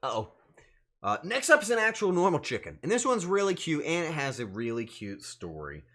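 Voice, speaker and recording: A man's voice: fairly high pitch, wildly swooping pitch, brisk, sharp tone. A young adult man chatting casually on a livestream, joking in mock outrage and swearing freely. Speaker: streamer.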